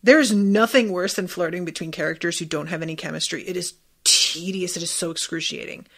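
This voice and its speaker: A young adult woman hosting a podcast, chatting excitedly about a TV episode, swearing freely and leaning on lots of "like" fillers. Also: lowish voice, fairly quick, husky. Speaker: podcast host. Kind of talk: casual commentary on a TV episode.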